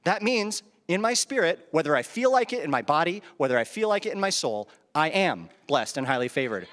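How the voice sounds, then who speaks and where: Male pastor, high and expressive voice, chatty sermon delivery with rhetorical questions, long reverb from the hall. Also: brisk, few pauses. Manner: conversational preaching, rhetorical questions, chuckles at own asides. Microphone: handheld microphone.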